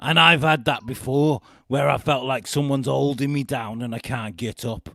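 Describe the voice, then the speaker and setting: A man doing a loud, giggly reality-star woman with a regional twang, laughing as he reads. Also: medium pitch, moderate pace, gravelly, dry recording, studio quality. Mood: brash, giggly.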